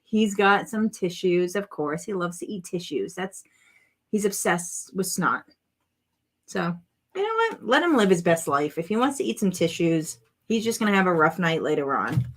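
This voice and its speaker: A woman's voice: lowish voice, very animated, moderate pace. A woman hosting a crafting vlog from home, chatting casually and rambling to her viewers while she works.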